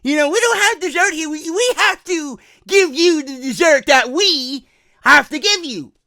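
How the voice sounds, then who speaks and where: A man's voice: extremely high pitch, lively intonation, measured pace, pushed and bright, no room sound, studio quality, voice pushed up, exaggerated voice. A man putting on the voice of a dim, laid-back male buffet employee who stammers and hesitates. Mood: drawling.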